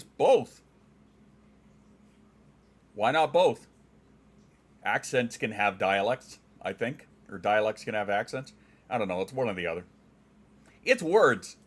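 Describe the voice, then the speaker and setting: Casting note: middle-aged Western Canadian guy, lowish voice, crisp ex-DJ diction, jokey stream chat. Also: brisk. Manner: clear enunciating, trained voice; joking, dad jokes. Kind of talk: casual chat reading viewer comments.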